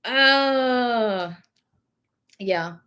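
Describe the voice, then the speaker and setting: A woman's voice: a little high, very slow, bright, forceful tone. A young woman with a light Southern US accent, chatting casually on a livestream, rambling and reading viewer comments while sick with Covid. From rural American South. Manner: chatty and rambling, many fillers and self-corrections. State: has Covid. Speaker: livestream host, reseller.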